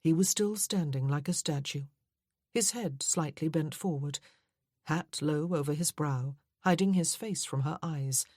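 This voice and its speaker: A woman narrating a historical romance audiobook in a measured, even storytelling voice, close to the mic. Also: sits low, no echo.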